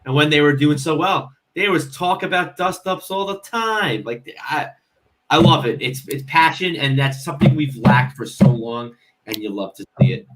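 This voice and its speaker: Excitable man chatting on a podcast. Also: fairly high pitch, normal speed, a little hiss or hum. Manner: excitable, animated, repeats himself. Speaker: podcast panelist. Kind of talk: casual fan podcast chat.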